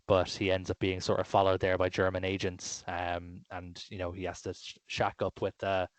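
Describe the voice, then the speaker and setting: A podcast co-host chats casually and enthusiastically about films, full of fillers and restarts. His voice is low and monotone, at normal speed, with no room sound.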